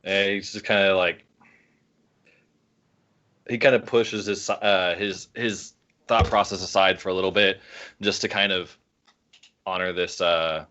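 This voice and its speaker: Deep-voiced man, halting player. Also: steady tone, bright, forceful tone, highs cut off. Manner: halting, searching for words.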